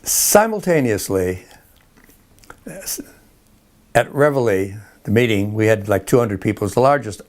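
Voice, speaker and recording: A man's voice: lowish voice, expressive, moderate pace, darkish tone. An older man being interviewed, rambling through old army stories with frequent chuckles and restarts. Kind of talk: oral history interview.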